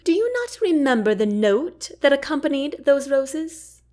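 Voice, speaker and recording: A woman's voice: sits high, big pitch swings, a little slow, darkish tone, pitched above the performer's own voice. A woman voicing a proud young queen in a storybook reading, speaking in a firm, indignant way. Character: proud young queen, defiant and quick to anger.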